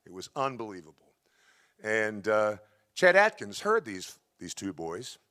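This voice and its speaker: A man's voice: fairly low pitch, sing-song, unhurried, bright, forceful tone. A male singer hosting a benefit concert on a theatre stage, chatting folksily about music history between songs. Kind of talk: storytelling patter between songs.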